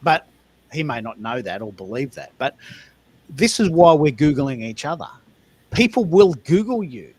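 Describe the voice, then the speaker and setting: A man hosts a live audio stream discussion in a slightly high voice. He speaks emphatically and with animation, often repeating words as he restarts a thought. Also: sing-song, moderate pace, darkish tone, breathy edge, no room sound. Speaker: host.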